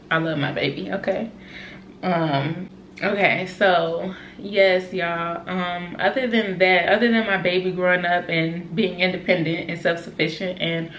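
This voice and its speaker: Young woman vlogger, lowish voice, chatty and emotional, echoey room, light hiss. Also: a bit bright. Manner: chatty, emotional, many fillers like "like" and "y'all". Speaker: vlogger and mom. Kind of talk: casual chat to camera. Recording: echoey room with faint noise.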